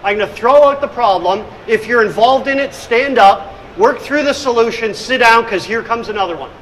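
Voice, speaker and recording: A man's voice: very high-pitched, normal speed, a bit bright, a little hiss or hum, poor audio. A middle-aged man giving a conference presentation on hospitality leadership, telling stories with energy and acting out scenes. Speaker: hospitality consultant and speaker. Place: conference room.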